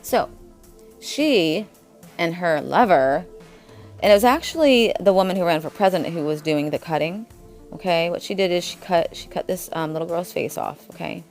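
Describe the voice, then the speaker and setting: A woman's voice: on the low side, lively intonation, normal speed, a little mellow, soft background music. A woman vlogger talking in a blunt, rambling monologue, jumping from topic to topic. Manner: blunt, jumps between topics.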